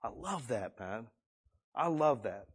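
A male pastor preaching a sermon in a folksy, conversational way, swinging between loud and hushed delivery. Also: mid-range voice, lively intonation, slow, husky. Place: church or meeting room.

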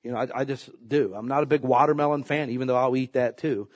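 A man's voice: mid-range voice, fast talker. A man preaching a sermon in a folksy, joking way, acting out quotes as he tells stories. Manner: folksy, joking, animated storytelling with acted quotes. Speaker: pastor.

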